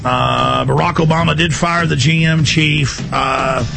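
A man's voice: a little high, steady tone, a little slow, vocal fry, over music. A male radio talk show host arguing with a caller, combative and exasperated, firing off questions. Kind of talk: heated call-in radio talk.

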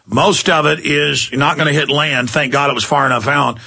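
A Texan man hosting a talk-radio show, ranting in a heated, rapid stream packed with fillers. His voice is a bit high for a man, forceful and husky, and the studio mic makes it close and dry. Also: steady tone, no echo. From Texas.

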